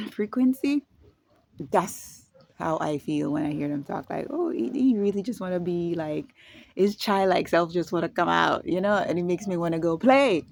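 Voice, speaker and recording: A woman's voice: lowish voice, vocal fry, no room sound. Rambling, laughing woman vlogger. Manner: rambling, halting, bursts of laughter. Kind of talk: casual spoken reflection. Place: indoors at home.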